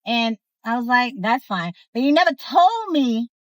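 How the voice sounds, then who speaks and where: A young woman telling a personal story in a casual, sassy, animated way, speaking straight to her viewers. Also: fairly high pitch, unhurried, dry recording, poor audio. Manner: animated, sassy, talks to the viewer, acts out others' voices. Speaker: storyteller host.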